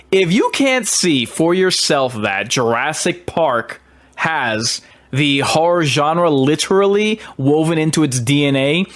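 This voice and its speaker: A man's voice: fairly high pitch, a bit bright. A man, a horror host, talking through a film in an emphatic, argumentative monologue with hesitant restarts.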